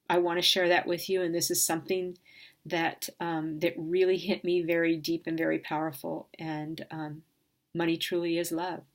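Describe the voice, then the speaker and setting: A woman sharing a personal reflection in an earnest, emotional way, pausing often with fillers. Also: lowish voice.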